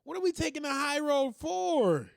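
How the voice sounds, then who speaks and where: Host, male, high-pitched, fiery profane rant, dry close sound. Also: big pitch swings, moderate pace, creaky, no room sound. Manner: heated, ranting, profane. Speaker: commentary host. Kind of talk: opinion monologue.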